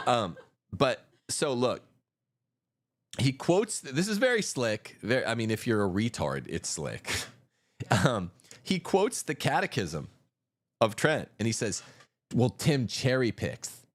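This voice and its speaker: A man's voice: mid-range voice, wildly swooping pitch, slow pace, pauses often. A man hosting a livestream, arguing in a combative, mocking way. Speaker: host. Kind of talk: livestream commentary.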